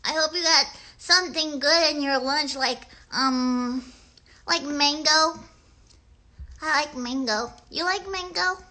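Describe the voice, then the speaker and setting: Woman voicing a very high, bright little girl puppet; chatty, rambling, talks slowly to kids. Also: exaggerated voice. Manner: rambling, hesitant, talks straight to young viewers. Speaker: puppet show host. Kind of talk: children's puppet livestream.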